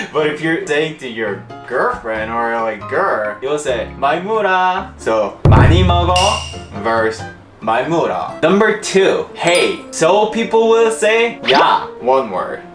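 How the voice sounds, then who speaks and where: A man's voice: mid-range voice, big pitch swings, moderate pace. A young man with a Korean accent, hosting a casual language lesson and often laughing at himself. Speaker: host. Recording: roomy room with music behind.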